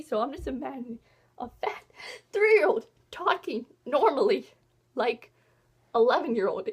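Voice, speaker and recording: High, lively woman gushing about books. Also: breathy edge. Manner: gushing, excitable, rambling; animated swings between loud and soft. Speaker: book vlogger. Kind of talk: casual book review chat.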